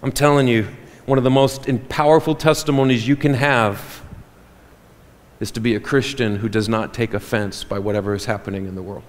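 A man preaches a sermon to his congregation, animated and quick to joke. His voice sits at an ordinary pitch for a man. A long reverb trails each phrase around the church hall. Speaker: pastor.

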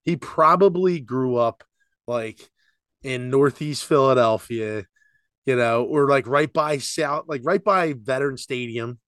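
A man's voice: mid-range voice, unhurried, dry recording, clean studio sound. A man co-hosting a casual sports podcast, ranting with plenty of swearing. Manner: animated, profane sports ranting. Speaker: podcast co-host. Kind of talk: casual chat.

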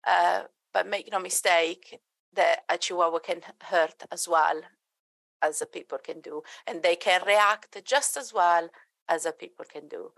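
A woman's voice: lowish voice, a little slow, gravelly, fairly bright tone, no echo. A woman dog trainer answering interview questions earnestly, with frequent restarts. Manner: earnest, many restarts, acts out quoted voices. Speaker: dog trainer and behaviourist guest.

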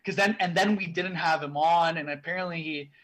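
Young male co-host, a touch high, rambling casual chat with lots of restarts. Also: steady tone, a little fast, a bit bright, poor audio. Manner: rambling, full of restarts and fillers. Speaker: podcast co-host.

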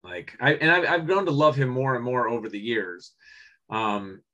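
A man co-hosting a casual movie podcast, rambling with many restarts and frequent throat clearing. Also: mid-range voice, animated, normal speed, sharp tone, highs cut off. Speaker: podcast co-host. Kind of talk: casual chat about movies.

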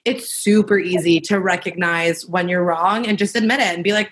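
A woman's voice: fairly low pitch, fairly even intonation, normal speed, a bit bright. A woman co-hosting a casual panel chat, talking frankly and reflectively with many fillers. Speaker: podcast co-host.

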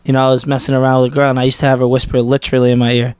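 A man co-hosts a talk show with playful, excitable banter. He talks quickly in a smooth, clear voice. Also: mid-range voice, no room sound. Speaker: co-host. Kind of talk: casual chat.

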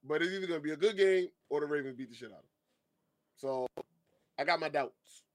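A man's voice: on the high side, fast, rough recording. A man co-hosting a podcast, laid-back in a casual sports chat and repeating his point. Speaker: podcast co-host.

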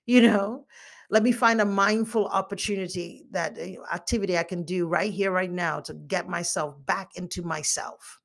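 Gravelly-voiced woman coaching with animation. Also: fairly low pitch, unhurried. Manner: animated, acts out her inner thoughts. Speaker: emotional intelligence coach. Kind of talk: motivational teaching talk.

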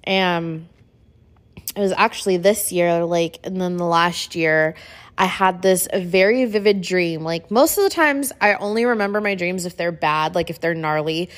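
A woman's voice: fairly low pitch, a little slow. A woman in her thirties hosting a podcast, telling a personal story in a casual, chatty way, filling her talk with "like". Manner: chatty, says "like" a lot, emotional retelling. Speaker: podcast host.

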